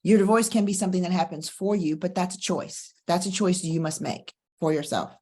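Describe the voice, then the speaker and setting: Middle-aged woman, divorce coach host, lower register, emphatic motivational delivery. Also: steady tone, mellow, breathy edge. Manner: emphatic, preacher-like cadence with slow stressed phrases. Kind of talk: motivational monologue and personal story.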